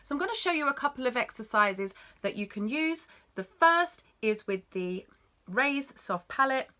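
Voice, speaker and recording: Bright-voiced woman teaching singing. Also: high voice, animated, normal speed. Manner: encouraging, instructive, demonstrates notes. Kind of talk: vocal lesson talk.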